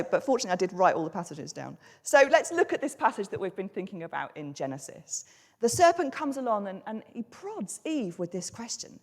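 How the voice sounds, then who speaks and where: A woman's voice: fairly high pitch, in a large hall. A woman with a British accent giving a reflective sermon, asking many questions as she talks. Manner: questioning, reflective, lively delivery. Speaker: church speaker.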